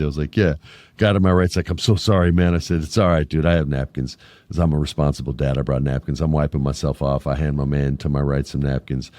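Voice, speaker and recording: A man's voice: low voice, a little fast, a little mellow, no room sound. A man in his forties hosting a podcast, telling a story casually and with animation, with jokes and crude asides. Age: 40s. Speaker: podcast host.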